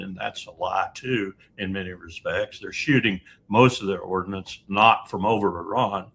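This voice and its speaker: A man's voice: deep voice, moderate pace, creaky, hardly any pauses, a bit bright. A man giving emphatic, sarcastic political commentary as a guest analyst. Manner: emphatic, sarcastic, mocks quoted officials.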